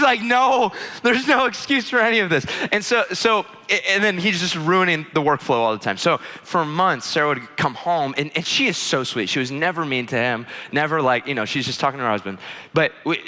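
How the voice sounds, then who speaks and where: A male pastor telling a sermon story, animated and chatty with lots of fillers. His voice is bright and a little high, and it carries the long reverb of a church auditorium.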